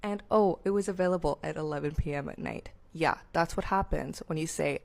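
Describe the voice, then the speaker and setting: Brief: low-pitched woman, fry in the voice, blunt swearing vlogger. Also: a little fast, few pauses, a little mellow. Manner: blunt, emphatic, heavy swearing. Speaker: manifestation content creator. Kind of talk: casual direct-to-camera monologue.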